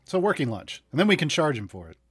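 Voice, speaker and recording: A man with a husky voice plays a tabletop game and talks through his plans in a dry, practical way. He is recorded close, in a dead room. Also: a little high, sing-song, fast talker, a bit bright, dry recording. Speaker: player. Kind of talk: casual tabletop play.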